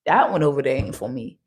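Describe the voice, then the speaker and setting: A woman's voice: very deep voice, slightly rough. A young woman giving a casual tarot reading, talking frankly with slang, swearing and frequent laughs. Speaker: tarot reader.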